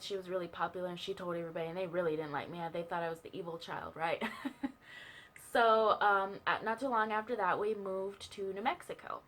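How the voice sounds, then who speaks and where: A young woman telling a personal story in a chatty, casual way, full of fillers and asides. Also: mid-range voice. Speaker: vlogger sharing a testimony.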